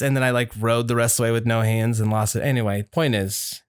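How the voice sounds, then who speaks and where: Young male podcast host, casual rambler, voices others' lines, mid pitch, dry close sound. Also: fairly even intonation, fast, few pauses, clear, resonant tone, no echo. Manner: rambling storyteller, acts out quotes in raised voice, swears. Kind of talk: casual chat.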